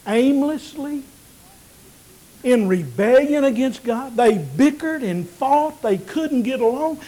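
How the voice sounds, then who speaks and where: A man preaching a sermon, building to emphatic peaks and then dropping low and quiet. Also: low-quality recording. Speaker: pastor.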